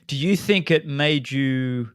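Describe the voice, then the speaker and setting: A man's voice: mid-range voice, takes it slowly, clean tone, no room sound, studio quality. A middle-aged man hosting a podcast, asking questions and telling stories in an enthusiastic, conversational way. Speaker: podcast host.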